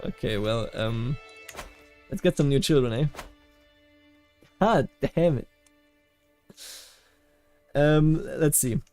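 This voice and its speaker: A man's voice: mid-range voice, slow, long pauses, darkish tone, faint music behind. A man from Bavaria giving casual commentary while playing a strategy game, rambling with many fillers and restarts. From Bavaria, Germany.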